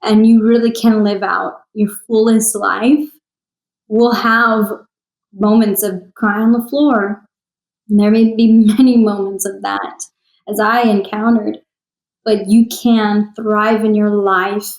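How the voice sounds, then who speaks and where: A woman's voice: mid-range voice, flat delivery, slow pace, a little mellow. Young woman guest, singer-author, heartfelt candid storyteller in an echoey room. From Texas. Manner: emotional, earnest storytelling with laughs. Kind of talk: candid podcast interview.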